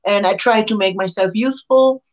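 A woman's voice: mid-range voice, normal speed, lo-fi sound. A woman, a professional wrestler telling stories as an interview guest, laughing often and acting out the voices of the people she quotes. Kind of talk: casual storytelling.

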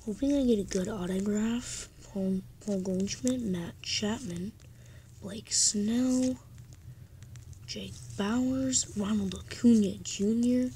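A woman hosting a card-pack opening vlog, often talking in a hushed whisper and getting excitable. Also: medium pitch, slow pace. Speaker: channel host. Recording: noisy with crinkling wrappers. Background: tearing and crinkling card packs.

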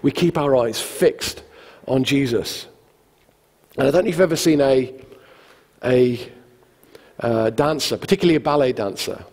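A man preaches in a church hall whose long reverb tail trails his medium-pitched voice. He speaks at a normal speed with frequent pauses, telling stories conversationally and acting out the quotes with animation.

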